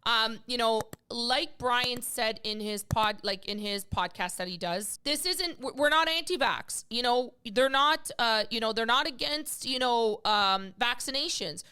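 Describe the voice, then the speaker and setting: Woman, podcast host, casual chat, emotional, rambling, high voice. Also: measured pace, hardly any pauses, sharp tone, smooth. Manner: emotional, rambling, many fillers.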